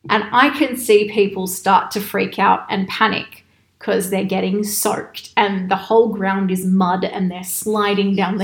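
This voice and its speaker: A woman telling a long anecdote in casual chat, animated and quoting people in raised voices. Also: mid-range voice. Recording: echoey room.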